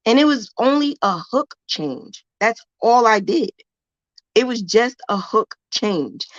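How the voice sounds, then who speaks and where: A woman's voice: on the low side, no room sound, lo-fi sound. A woman hosting a casual crochet livestream, talking in a playful, chatty way and likening crochet hooks to a romance. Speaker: crochet host.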